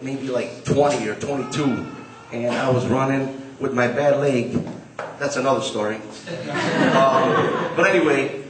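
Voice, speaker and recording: A man's voice: mid-range voice, a little hiss or hum. A man telling a rambling personal story at a live story slam, correcting himself as he goes. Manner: rambling, conversational, self-correcting. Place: gym hall at a live event. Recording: roomy hall recording from a distance.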